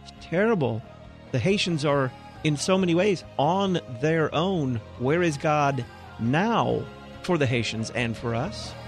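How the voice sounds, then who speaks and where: A man hosting a live talk radio show, speaking in an earnest, measured way. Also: fairly high pitch, expressive, soft background music.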